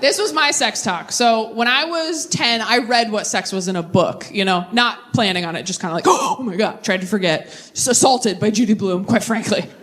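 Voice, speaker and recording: A young adult woman doing a stand-up set with crowd work, animated and self-deprecating, with quick asides. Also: medium pitch, a little hiss or hum. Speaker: stand-up comedian. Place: theater stage with live audience.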